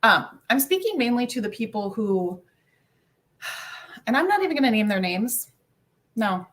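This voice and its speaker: A woman hosting a casual livestream, greeting viewers by name and swearing offhandedly. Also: medium pitch. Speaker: livestream host. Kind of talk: casual live chat.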